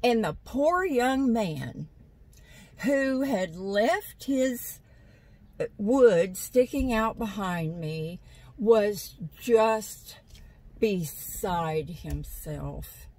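Sitting in a parked vehicle in a parking lot, this vlogger talks casually to viewers, meandering through stories with frequent laughter. Her medium-pitched voice is expressive, very slow and a little mellow, and the phone-on-a-stand audio is poor.

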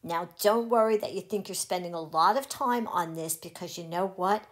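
A woman's voice: on the low side, normal speed. A woman hosting a craft tutorial, cheerfully talking viewers through each step. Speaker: crafting channel host.

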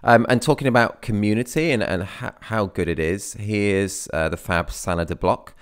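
A man's voice: lowish voice, normal speed, clean tone. A man hosting a podcast, chatting casually and enthusiastically. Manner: enthusiastic, laughs often. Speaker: podcast host.

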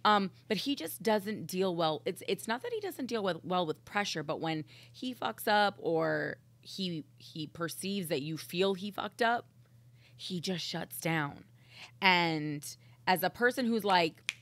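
A woman's voice: on the low side, normal speed, a bit bright, no echo. A woman who co-hosts a podcast and a morning radio show, talking in an intense, blunt, profane way in a casual chat. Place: studio.

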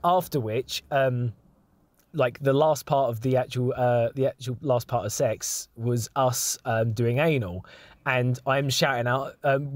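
A man's voice: mid-range voice, steady tone, unhurried, no room sound. A man recounting a personal story, full of fillers and restarts. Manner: rambling, filler-heavy storytelling. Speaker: story contributor.

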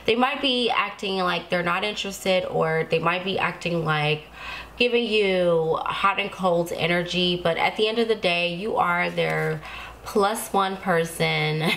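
A woman's voice: lowish voice, measured pace, creaky, a bit bright, slight background noise. A woman giving a casual tarot reading to her viewers, chatty and reassuring, often laughing to herself. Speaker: tarot card reader.

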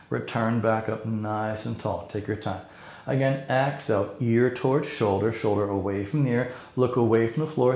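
A man leading a yoga class, giving calm, encouraging cues and counting through the poses. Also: mid-range voice, creaky. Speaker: yoga instructor. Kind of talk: guided yoga class instruction. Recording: very echoey room.

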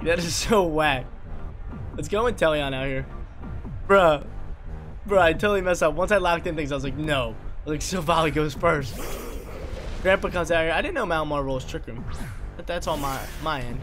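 A man giving casual, excitable commentary over his own video game battle, trash-talking and joking as he plays. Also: a little high. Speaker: gaming YouTuber. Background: background game music.

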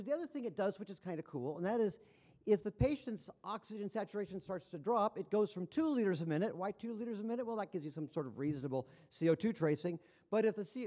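A man delivers a conference lecture, his voice sitting high. He sounds enthusiastic and conversational and drops wry asides. A long reverb trails off his words in the large hall. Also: warm tone.

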